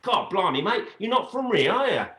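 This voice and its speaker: A man's voice: high-pitched, sing-song, a little fast, sharp tone, echoey room, pitched above the performer's own voice, heavily acted. A man voicing a brash Australian man giving directions, with a slangy, jaunty manner and a put-on Australian accent.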